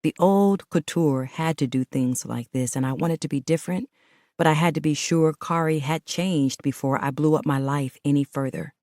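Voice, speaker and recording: A woman's voice: deep voice, darkish tone, no echo, studio quality. A woman narrating a first-person audiobook with intimate, emotional storytelling.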